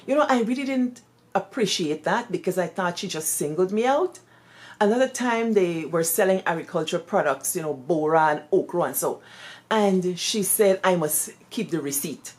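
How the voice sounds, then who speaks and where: A Guyanese woman, once a schoolteacher, tells her stories in a fairly low voice that rises and falls with great animation. Her English slips into Creole expressions as she goes. The delivery is expressive and full of personality. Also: normal speed. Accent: Guyanese Creole-tinged English. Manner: expressive, lively, peppered with Creole phrases. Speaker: storyteller and former teacher.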